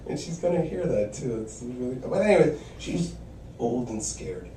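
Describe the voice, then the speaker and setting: A man's voice: mid-range voice, expressive, moderate pace, mellow, reverberant, far from the mic, slight background noise, poor audio. A man performing a stand-up comedy set, telling wry stories and acting out quoted voices.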